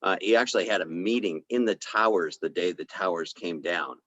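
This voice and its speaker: A low-pitched man recounts a story in a loose, conversational way, stopping for fillers and acting out the back-and-forth of the dialogue. His voice sounds close and dry, and the recording is a little dull and lo-fi. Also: a little fast, a bit bright, no echo. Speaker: chiropractor speaking on a health podcast. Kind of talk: casual storytelling talk.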